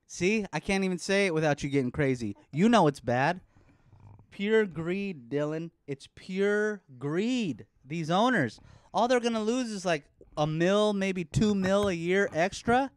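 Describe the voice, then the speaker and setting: A man's voice: fairly high pitch, no echo. A man in his thirties from the Bay Area, hosting a casual chat show, rambling and joking with some swearing. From Bay Area, California. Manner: rambling, profane, jokey, baby talk to his son. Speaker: podcast host. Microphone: studio microphone.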